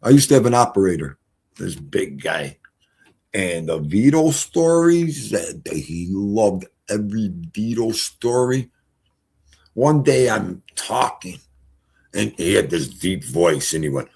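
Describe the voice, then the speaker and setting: A man's voice: fairly low pitch, big pitch swings, unhurried, vocal fry, darkish tone, breathy edge. A man, live-streaming and chatting casually in a rambling, folksy storytelling way.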